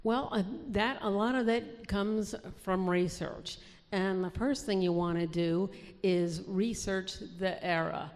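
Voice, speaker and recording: A woman's voice: mid-range voice, steady tone, slow, a little mellow. A woman novelist from New Jersey answering interview questions in a chatty way, with many restarts. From New Jersey, USA. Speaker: historical fiction author, guest. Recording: long hall reverb.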